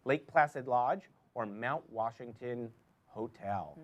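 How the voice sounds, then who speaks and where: A man's voice: medium pitch, slow, lo-fi sound. A man hosting a live trivia game, upbeat and chatty as he reads questions and the leaderboard. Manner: upbeat, chatty, stumbles over names. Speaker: trivia host.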